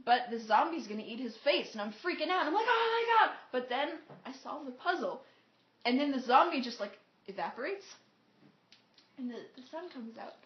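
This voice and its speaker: A woman telling a long story in a casual vlog, animated and acting out what people said, with many "like"s. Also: high voice, normal speed. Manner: animated, acts out quotes, says "like" often. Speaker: vlogger. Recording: echoey room, dull lo-fi sound.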